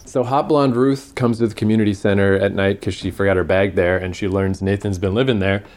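Low-voiced man rambling through a recap. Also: fairly even intonation, a little fast, darkish tone. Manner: rambling, laughs often, swears freely. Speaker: podcast co-host. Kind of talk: casual TV recap chat.

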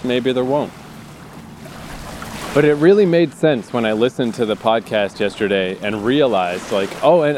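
A man speaking at a middle pitch, rambling through a relaxed solo podcast monologue. He is self-deprecating and curses casually as he talks. A faint hum of noise sits behind his voice. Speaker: podcast host.

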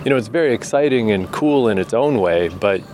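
A man's voice: on the low side, animated, a little fast, darkish tone, a little hiss or hum. A Canadian man talking casually to his camera outdoors in the rain, laughing often and swearing now and then. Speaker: vlogger. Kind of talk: casual vlog monologue.

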